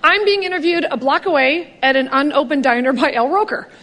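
Brash high-pitched woman doing stand-up. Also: brisk. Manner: brash, animated, laughing through punchlines. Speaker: stand-up comedian. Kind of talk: stand-up storytelling. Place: comedy stage before a live audience. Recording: stage mic in a hall with loud audience.

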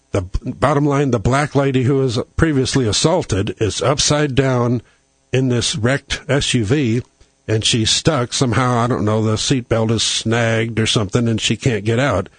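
Husky-voiced man telling a rambling story. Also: medium pitch, moderate pace, no room sound. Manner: rambling storyteller who acts out quoted lines. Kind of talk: casual talk monologue.

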